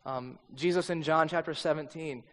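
A man's voice: a little high, moderate pace, fairly bright tone. A male pastor preaching a sermon in a conversational, storytelling way. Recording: long hall reverb.

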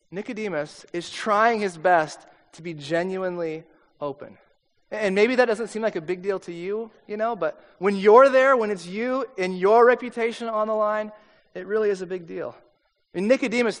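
A man preaching a sermon, telling the story lively and acting out the characters' lines. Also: sits high, long reverb tail. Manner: animated storytelling, acts out dialogue. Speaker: pastor.

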